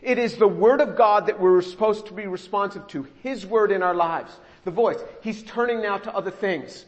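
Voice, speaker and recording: A man's voice: sits high, normal speed, big-room sound. A man teaching the Bible verse by verse, explaining each point and repeating phrases for emphasis, with wry asides.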